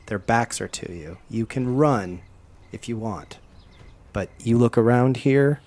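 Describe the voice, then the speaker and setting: A man's voice: mid-range voice, measured pace, a little mellow. A man narrating scenes as game master of a tabletop role-playing game.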